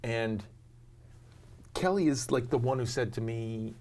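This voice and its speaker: A man's voice: mid-range voice, measured pace, darkish tone, a little hiss or hum. A middle-aged man from New York, chatting as an interview guest in a rambling, self-deprecating way with many ums and restarts. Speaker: actor and talk show host, guest. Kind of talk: casual interview chat.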